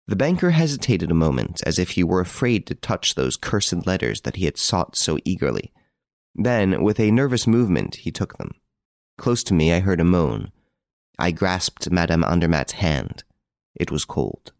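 A man narrating a classic detective story in a measured storytelling manner. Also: low voice, sing-song, creaky, no echo, clean studio sound. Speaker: audiobook narrator. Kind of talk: scripted narration.

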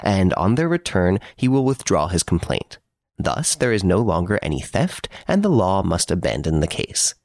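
A man voicing a suave gentleman thief who mocks the detective from his prison cell, urbane and playfully boastful. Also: deep voice, very animated, normal speed, no echo, studio quality. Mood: teasing, smug.

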